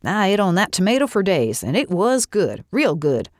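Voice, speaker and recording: A woman reading the lines of a gruff, complaining 84-year-old male farmer in a story. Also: medium pitch, big pitch swings, moderate pace, no room sound, clean studio sound, close to an everyday voice. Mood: gruff grumbling.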